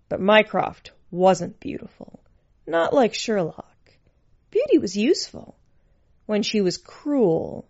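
A woman reading a story aloud, narrating in an expressive, dynamic way. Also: medium pitch. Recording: muffled lo-fi recording.

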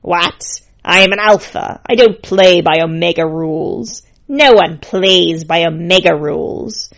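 A woman's voice: fairly low pitch, measured pace, creaky. A woman voicing an arrogant male lord of the dead who talks in a haughty, sneering way.

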